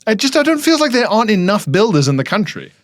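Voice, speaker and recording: Co-hosting a podcast, a high-pitched man trades dry, teasing banter in casual chat. He talks fast with big swings in pitch, and there's no echo on the recording.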